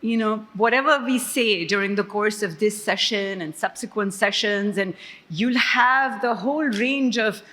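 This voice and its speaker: Brief: woman, conference panelist, chatty and self-deprecating, mid-pitched voice. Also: unhurried, sharp tone. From Pakistan. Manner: conversational, self-deprecating storyteller. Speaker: economist panelist. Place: conference stage before an audience.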